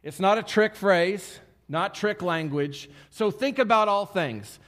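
A man's voice: high-pitched, slow pace, a bit bright. Earnest man preaching a sermon. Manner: earnest teaching, repeats key phrases, draws the congregation in. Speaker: pastor.

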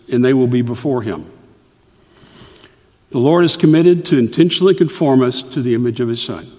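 A middle-aged male pastor delivering a sermon in an earnest, deliberate way, often stopping to explain a point. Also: medium pitch, animated, mellow, breathy edge. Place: church sanctuary. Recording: reverberant church hall.

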